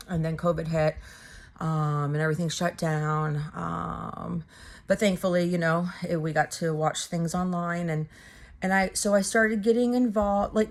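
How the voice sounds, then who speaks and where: Earnest woman with a gravelly low voice. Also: a little mellow. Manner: earnest, halting, many fillers and restarts. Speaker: church member giving testimony. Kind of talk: personal testimony to camera.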